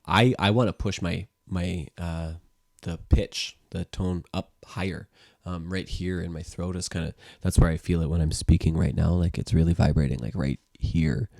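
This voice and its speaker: A man with a very deep, gravelly voice leads a voice-exercise session as a sound therapist. He talks in an easygoing, meandering way, leaning on fillers as he explains. The sound is dry and close, with almost no room around it. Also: mellow, no echo. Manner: easygoing, rambling, filler-heavy. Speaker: music teacher and sound therapist. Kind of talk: guiding a voice exercise.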